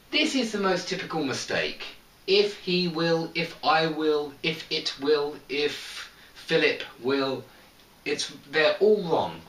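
A man teaching an English grammar lesson, explaining slowly and stressing each example sentence. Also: on the high side, fairly bright tone. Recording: echoey room, mic at a distance.

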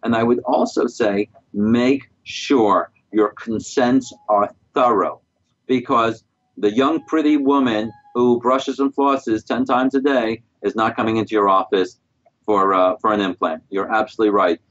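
Calm middle-aged man explaining, lo-fi. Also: lowish voice, a little slow. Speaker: guest periodontist. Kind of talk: interview answers.

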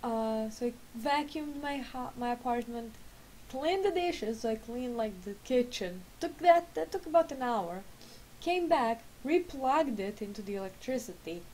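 A woman's voice: on the high side, animated, unhurried, mellow, slight background noise, poor audio. Sleepy, rambling young woman vlogger. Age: late 20s. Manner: rambling, chatty, self-correcting. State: sleepy, just woke up. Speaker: vlogger and gamer. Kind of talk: casual chat. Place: at home.

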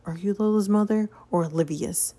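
A woman's voice: mid-range voice, moderate pace, mellow, close to an everyday voice. A woman voicing an earnest young man in a story game, speaking frankly and confronting an adult.

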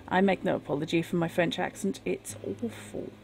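A woman's voice: on the low side, fairly even intonation, brisk, gravelly, darkish tone, slight background noise. A woman streaming a game, chatting casually and wryly over the gameplay. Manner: wry and chatty. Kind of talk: casual live game commentary.

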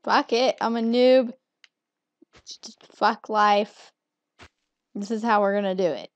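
A young woman with a mid-range voice speaks slowly while hosting casual gameplay commentary on her channel, rambling, swearing freely and making fun of herself. The audio is a muffled lo-fi home recording with no echo.

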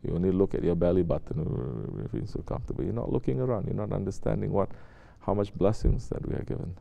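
A man's voice: low voice, quick pace, creaky, highs cut off. A man giving a spiritual sermon as a Sufi sheikh, talking conversationally and asking his listeners rhetorical questions. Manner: conversational, asks rhetorical questions and acts out quotes.

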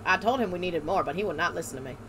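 A woman's voice: fairly low pitch, animated, rapid-fire, fairly bright tone, a little hiss or hum. A woman hosting a let's play, joking around and reading game text aloud in a put-on drawl. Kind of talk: casual gameplay commentary.

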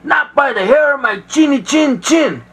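A man's voice: lively intonation, moderate pace, fairly bright tone. A man doing bratty little pig kids. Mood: cheeky. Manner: squeaky, smart-alecky kid voice. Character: cheeky little boy pigs, bratty and mouthy. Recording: vinyl record with faint noise.

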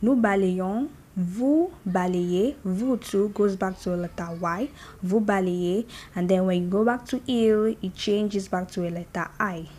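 A woman talks through a grammar lesson at a very unhurried pace, drilling each form aloud one by one. Her voice sits at an ordinary middle pitch, and she keeps stopping to check that her listener is following. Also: dark tone. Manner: slow and deliberate, repeats conjugations aloud, checks in with "okay?". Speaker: French teacher. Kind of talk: explaining grammar, slow drill-style lesson.

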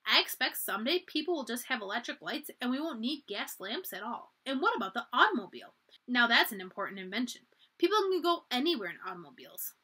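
A woman's voice: fairly high pitch, very animated, fast talker, pushed and bright, breathy edge, heavily acted. A woman voicing a good-humored, easygoing uncle in a storybook reading. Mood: jovial.

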